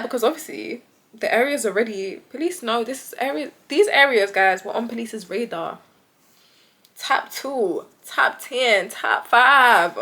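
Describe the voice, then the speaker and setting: A young British woman vlogger telling a story casually, animated and laughing often, acting out the voices of the people in it. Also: fairly high pitch, normal speed.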